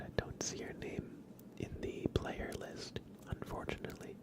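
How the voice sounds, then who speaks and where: A man hosting a live ASMR stream, giving whispered livestream commentary in a soft, low-key voice with a stuffy nose, close on the mic. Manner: soft whisper, slow and low-key, cheering on chat viewers.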